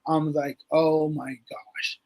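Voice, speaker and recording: A man's voice: fairly high pitch, takes it slowly, creaky, a little hiss or hum. A man, a guest on a livestream talk show, telling a story casually and acting out what people said, swearing freely. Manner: animated storyteller, acts out quotes, swears freely.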